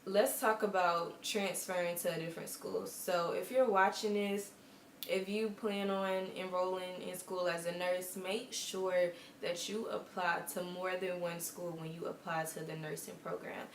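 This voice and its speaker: A woman's voice: fairly low pitch, steady tone, measured pace. Chatty young woman in an echoey room. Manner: chatty and earnest, with quoted asides. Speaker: vlogger. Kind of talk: casual storytelling to camera. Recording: echoey room with faint background hum.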